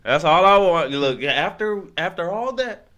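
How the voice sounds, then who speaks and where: A man's voice: high-pitched, unhurried. A man telling a long story in casual chat, laughing often and acting out what others said. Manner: animated, laughing, acts out quoted lines. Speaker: podcast guest.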